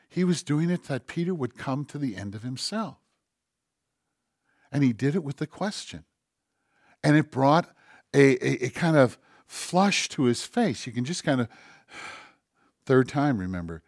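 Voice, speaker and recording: A man preaching a conversational sermon, swinging between loud emphasis and hushed, quiet quoting. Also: on the high side, animated, a little slow, no room sound, clean studio sound. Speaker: pastor.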